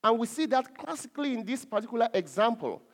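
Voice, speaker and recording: A man's voice: extremely high pitch, big pitch swings. A man preaching a sermon, stressing key words and often stopping on fillers and restarts. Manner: emphatic, drawn-out stresses with frequent fillers and restarts.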